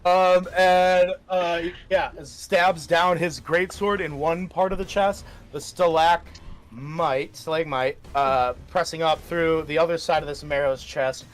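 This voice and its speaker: A man's voice: a little high, fairly even intonation, unhurried, few pauses. A man running a tabletop game as game master, narrating combat vividly with casual swearing.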